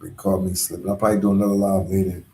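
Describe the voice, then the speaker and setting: Man, dark mellow voice, roomy echo, slangy rambling live-stream chat. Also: deep voice, flat delivery, very fast, a little hiss or hum. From Philadelphia. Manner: slangy and rambling, full of "like" and "you know". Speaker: travel vlogger on a live stream.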